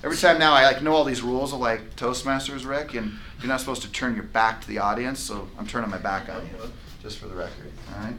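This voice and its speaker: A man's voice: medium pitch, fast, slight background noise. A man leading a live sales training for real estate agents, talking emphatically and acting out client conversations. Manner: energetic, emphatic, acts out client dialogues. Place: training room with a whiteboard.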